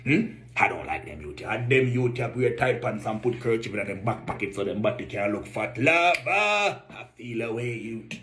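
A man's voice: fairly low pitch, a little fast, hardly any pauses. A man with a Jamaican accent doing a blunt, mocking comic rant to camera. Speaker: vlogger.

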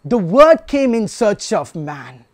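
A man's voice: high-pitched, sing-song, takes it slowly, no room sound, clean studio sound. A man preaching a sermon, emphatic and repetitive, asking rhetorical questions.

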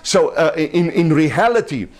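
A man's voice: on the high side, big pitch swings, measured pace. A man preaching a sermon to a small home gathering, in an emphatic, conversational way with a little laughter.

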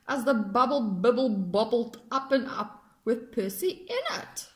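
Lady reading a rhyming kids book, high lively voice, takes it slow. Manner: sing-song, expressive. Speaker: storyteller.

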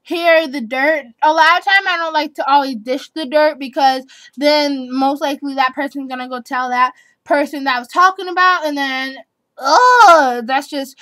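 Brief: eleven-year-old girl vlogger, high-pitched, chatty and giggly, dry close sound. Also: moderate pace, fairly bright tone, dry recording. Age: child, eleven. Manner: chatty, giggly, rambling with restarts and repeats. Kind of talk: casual chat answering tag questions.

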